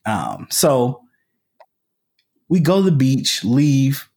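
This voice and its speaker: A man's voice: medium pitch, wildly swooping pitch, drawn-out words, creaky, darkish tone. A man, a podcast guest, telling a story in a casual, colloquial way with lots of fillers and restarts. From United States.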